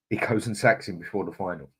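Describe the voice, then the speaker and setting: A man hosts a live fan stream in a low, husky voice. He rants with heat and swears freely. In between he greets viewers in the chat one by one. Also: fairly bright tone. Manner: angry ranting, swearing, greets chat by name. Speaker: host. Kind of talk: live-stream football rant.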